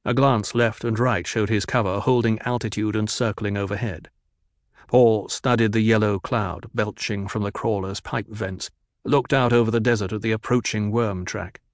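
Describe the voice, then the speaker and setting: A steady male audio drama narrator. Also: on the low side, normal speed, no echo, clean studio sound.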